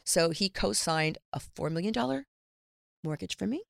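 A middle-aged woman telling a personal story in casual chat, candid and lively, acting out the voices she quotes. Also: on the low side, moderate pace, gravelly, no room sound, studio quality. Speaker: guest.

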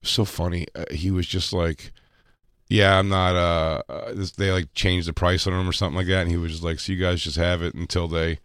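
Young male co-host, very low pitch, deadpan joker, dry sound. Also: brisk, dry recording. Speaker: podcast co-host. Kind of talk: casual chat.

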